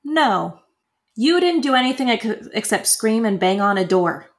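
Woman player bantering at the game table, a little high-pitched. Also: animated, a little slow. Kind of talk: casual game chat.

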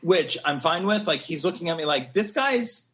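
A podcast guest in his thirties tells a story with a voice that's a little high and brisk. He's casual, animated and gushing, acting out the quotes as he goes.

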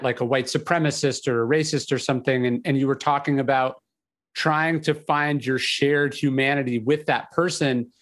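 A man interviewing a guest in an earnest, conversational way, with a few restarts. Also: mid-range voice.

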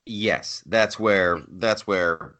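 A man's voice: low voice, drawn-out words, pushed and bright. A man hosting a podcast, talking politics in a rambling, emphatic, joking way. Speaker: podcast host. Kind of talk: casual political chat.

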